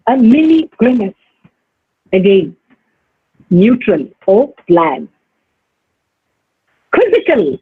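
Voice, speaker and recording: A woman teacher educator giving a recorded lecture on life skills, speaking in a measured way with deliberate pauses and stressed words. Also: fairly high pitch, husky, no echo. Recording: dry, phone-like narrow sound.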